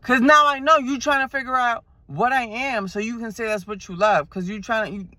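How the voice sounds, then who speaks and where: A woman in her twenties from New York, with a New York accent, chatting in a car and telling a story in an animated, slangy way, acting out the people she quotes. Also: a little high, a little fast, no echo. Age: 20s. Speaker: vlogger. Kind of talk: casual storytelling chat. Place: inside a car.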